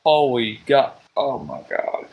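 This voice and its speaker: A man, ranting on a live stream from a table at home, exasperated, swearing often and breaking into loud outbursts. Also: mid-range voice, big pitch swings, slow, gravelly, poor audio. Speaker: livestream host. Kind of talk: rambling live-stream rant.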